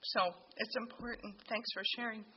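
A woman's voice: a little high, level tone, moderate pace. Woman telling her faith story to the group, all heartfelt and emotional, dull lo-fi sound w/ faint hiss. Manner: heartfelt, emotional, reads scripture aloud. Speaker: bible study group member. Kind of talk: personal testimony in a group.

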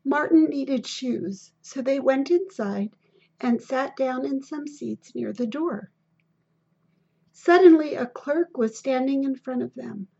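A woman narrating a children's biography in a steady, deliberate storybook reading, on a dull lo-fi recording. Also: high-pitched, gravelly, breathy edge.

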